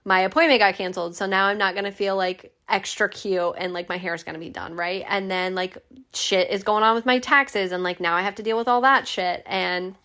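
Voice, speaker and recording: Young woman, podcast host, gravelly fry, loose profane storytelling, heavy "like" fillers. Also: medium pitch, fairly even intonation, a little fast, sharp tone. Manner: chatty, swears freely, many "like" fillers, acts out quoted voices. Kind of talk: casual storytelling monologue.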